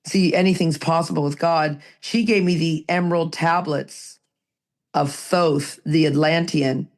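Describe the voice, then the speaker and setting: A woman co-hosting a recovery podcast, talking in a lively, rambling way and reading passages aloud. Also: sits low, unhurried. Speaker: podcast co-host. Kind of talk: casual recovery podcast chat.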